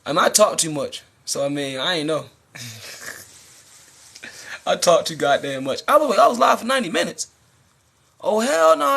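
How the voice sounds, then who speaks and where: Husky high-voiced young man preaching. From United States. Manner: animated, slangy, preachy. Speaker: livestreamer. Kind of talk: casual live-stream monologue.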